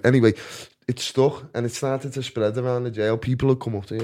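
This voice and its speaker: A man's voice: mid-range voice, fast, few pauses, darkish tone. A man telling stories as a guest in a casual chat, laughing often and often asking "do you know what I mean".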